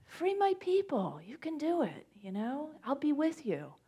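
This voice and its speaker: A woman's voice: sits high, wildly swooping pitch, measured pace, pitched above the performer's own voice, exaggerated voice. A woman voicing a divine figure who coaxes and reassures in a light, encouraging way. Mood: reassuring. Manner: warm, coaxing, reassuring.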